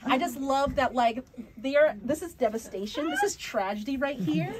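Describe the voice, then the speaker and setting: A woman, a picture-book author, reading aloud to children at a bookstore, playful and expressive and chatting with her audience. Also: sits high, moderate pace, a crowd in the background. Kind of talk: animated read-aloud for kids.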